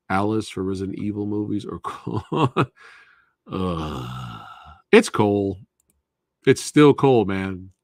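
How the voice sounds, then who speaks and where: A man's voice: fairly low pitch, vocal fry, dry recording, clean studio sound. A man hosting a live Q&A stream, chatting casually and answering viewers by name.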